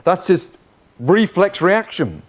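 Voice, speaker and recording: A man preaching a sermon as pastor, earnest, moving between forceful lines and hushed ones. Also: high voice, sing-song, slow pace.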